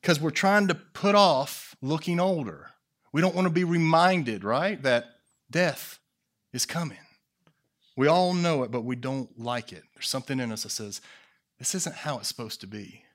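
A male pastor preaching a sermon, swinging between hushed low phrases and loud emphatic peaks, asking the congregation questions and joking with them. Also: normal speed.

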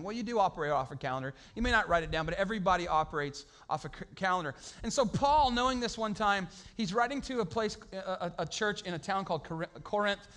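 A middle-aged man with a fairly high voice preaches as a pastor. He talks conversationally, lively and playful, and acts out the people in his stories in quick voices. It is a relaxed, chatty sermon.

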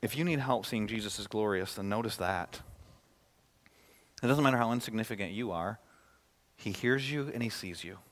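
A man preaching a sermon as a pastor, swinging between loud, emphatic lines and hushed, quiet ones. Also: on the low side, normal speed, pauses often. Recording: reverberant hall.

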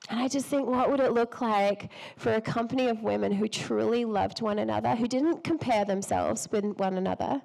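A woman with a slightly high voice gives a sermon while fighting a cold. She talks in a chatty, personal way, laughs at herself often and wanders off her point now and then. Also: normal speed, gravelly, few pauses, a little mellow, rough recording. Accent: a noticeable non-local accent. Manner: chatty, self-deprecating, laughs often, loses her thread. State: has a cold. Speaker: speaker preaching to women.

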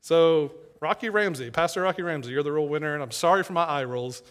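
A man's voice: a little high, fast talker. A man from East Tennessee preaching a sermon in a conversational, earnest way, building to emphatic points. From East Tennessee, USA.

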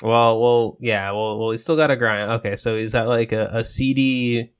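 A man co-hosting a podcast, talking loosely and rambling. He leans on fillers and swears often as he goes, at an ordinary middle pitch. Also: fairly even intonation, normal speed, clear, resonant tone. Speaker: podcast co-host. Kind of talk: casual chat.

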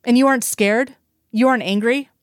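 A woman's voice: fairly high pitch, brisk, smooth, no echo, studio quality, voice pushed up, lightly acted. A woman reading the lines of a male FBI agent who talks in tense, clipped bursts of anger. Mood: angry. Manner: tense, clipped, sharp outbursts.

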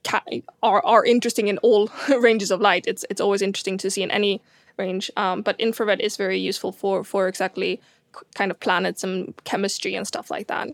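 A woman astronomer talks through science in a relaxed, chatty way, stumbling over fillers and restarts and laughing often. Her pitch sits in an ordinary middle range. The recording is dry and close, with no room sound. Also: a little fast, no echo. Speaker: astronomer guest. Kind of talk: casual science chat.

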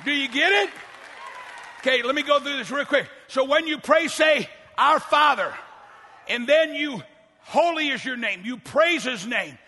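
An older man preaching a sermon as pastor, shouting often and rushing through quick asides. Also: very high-pitched, long reverb tail, a faint crowd.

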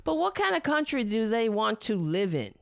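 A woman ranting angrily about politics, profane and sarcastic, who drops into a soft baby voice for her cat. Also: on the high side, very animated, moderate pace, vocal fry, dry recording, studio quality. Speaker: political commentator.

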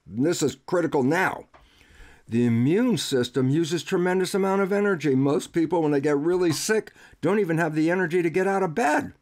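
An older man, a biologist guest, explaining science in an animated way and acting out questions and answers with himself. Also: fairly high pitch. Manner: animated storyteller, acts out dialogue with himself.

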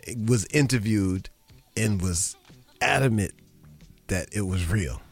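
A man's voice: fairly low pitch, slow, husky, soft background music. A man co-hosting a radio show in casual chat, blunt and joking. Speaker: radio co-host.

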